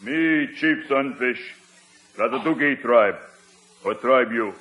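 A man's voice: mid-range voice, slow, a bit bright. An older man playing a solemn tribal chief who talks in clipped broken phrases and chants. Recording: dull lo-fi old TV sound.

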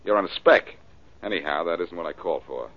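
An actor in an old radio drama playing a cocky, wisecracking reformed-thief detective. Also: male voice, low-pitched, expressive, fast talker. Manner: dry wisecracks, easygoing. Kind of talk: 1940s radio acting. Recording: dull old radio broadcast.

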